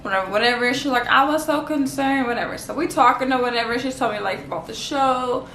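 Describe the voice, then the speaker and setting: Woman, from Los Angeles, casual slangy storytime, fairly high voice, echoey room. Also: quick pace, fairly bright tone, slight background noise. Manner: chatty, slangy, heavy use of "like". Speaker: vlogger.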